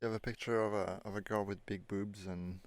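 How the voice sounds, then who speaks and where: Low-voiced man explaining casually. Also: little pitch movement, brisk, no room sound. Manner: explaining, with frequent tag questions. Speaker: podcast host. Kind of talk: casual podcast chat.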